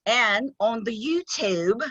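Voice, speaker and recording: A woman from the United States co-hosting a casual podcast, animated and excitable. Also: fairly high pitch, slow pace. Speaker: podcast co-host. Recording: dull, dry close-mic sound.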